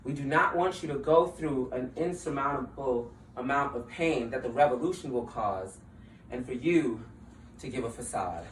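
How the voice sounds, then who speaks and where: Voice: mid-range voice, moderate pace, a little hiss or hum. A speaker giving an impassioned, conversational speech, slangy and laughing often while talking. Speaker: political speaker. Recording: roomy, distant mic, faint ambience.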